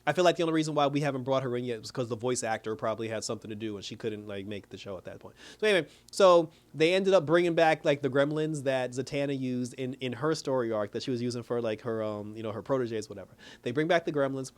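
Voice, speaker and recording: A man's voice: mid-range voice, fast, hardly any pauses. A man casually recapping a TV episode as a reviewer, rambling loosely and laughing often as he retells scenes. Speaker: TV show reviewer.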